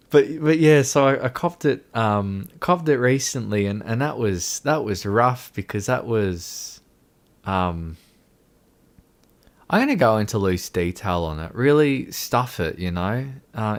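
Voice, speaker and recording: A man's voice: medium pitch, lively intonation, takes it slowly, pauses often. A young man hosting a casual livestream chat, rambling and mocking himself with frequent laughter. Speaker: livestream host.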